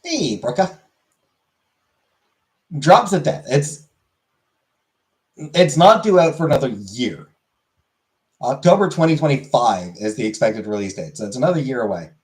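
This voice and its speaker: A man chatting on his stream in a loose, rambling way, full of fillers and restarts. His pitch sits in an ordinary middle range. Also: animated, moderate pace, pauses often, a little mellow. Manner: rambling, filler-heavy, answers chat. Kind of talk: casual chat.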